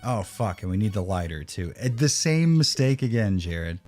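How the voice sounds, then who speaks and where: A man's voice: fairly low pitch, sing-song, moderate pace, a little mellow, faint music behind. A man streaming a retro video game live, chatting casually with profane, sarcastic banter. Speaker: streamer playing a retro game and reading chat.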